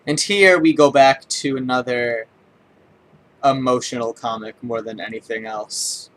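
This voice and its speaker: A young man giving a casual spoken comic book review, enthusiastic but halting, with many ums, uhs and restarts. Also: medium pitch, a bit bright.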